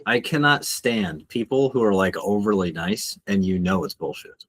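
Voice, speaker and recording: A man's voice: fairly low pitch, animated, normal speed, dry recording. A man co-hosting a podcast, talking reflectively about spiritual things with a few restarts. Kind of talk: casual podcast chat.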